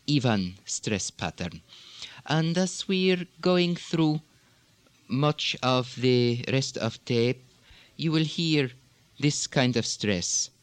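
A man teaching a recorded dialect lesson, slow and deliberate, demonstrating stress and inflection patterns on sample sentences. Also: medium pitch, no echo. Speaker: accent coach.

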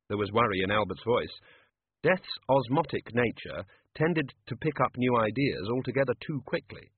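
Male narrator, dry even read, husky, phone-like audio. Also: mid-range voice, normal speed, dry recording.

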